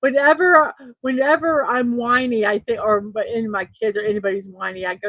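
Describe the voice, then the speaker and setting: A woman's voice: fairly high pitch, fairly even intonation, fairly quick, fairly bright tone, no room sound, poor audio. A middle-aged woman hosting a daily morning show, chatting casually and laughing at her own jokes. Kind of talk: casual solo show, reading memes aloud.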